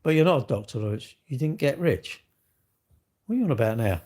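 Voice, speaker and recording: A man's voice: medium pitch, animated, fairly quick, warm tone. A middle-aged man, talking alone on his livestream in a blunt, sweary rant full of rhetorical questions. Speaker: livestream host. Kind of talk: casual ranting monologue.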